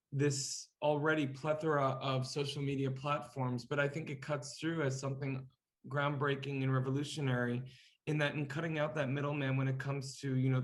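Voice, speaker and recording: A man hosting an interview over a video call, gushing and effusive with praise. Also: on the high side. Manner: gushing and effusive, piling on compliments. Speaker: interview host.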